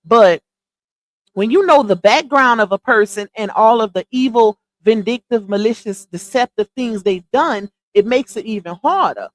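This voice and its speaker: Female livestream host, casual scolding commentary, slightly high voice. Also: lively intonation, moderate pace, no room sound. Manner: blunt, scolding, addresses viewers directly.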